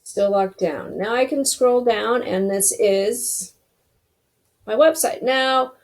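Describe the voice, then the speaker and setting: A woman's voice: on the high side, takes it slowly, slight background noise. A woman hosting a casual screen-recorded web design tutorial, chatty and thinking aloud as she clicks through each step.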